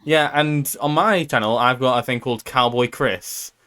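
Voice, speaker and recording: Chatty British man with a smooth, clear voice. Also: mid-range voice, moderate pace, fairly bright tone. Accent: British English. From Britain. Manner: swears freely, laughs often. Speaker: podcast host. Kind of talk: casual chat.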